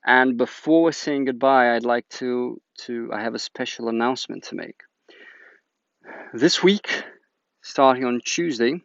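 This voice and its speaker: Male host, chatty and keen, gravelly voice, muffled lo-fi sound. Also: medium pitch, fairly even intonation, a little slow, no room sound. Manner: upbeat, chatty, enthusiastic. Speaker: agroforestry teacher, channel host. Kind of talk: casual announcement to viewers. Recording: dull lo-fi dry recording.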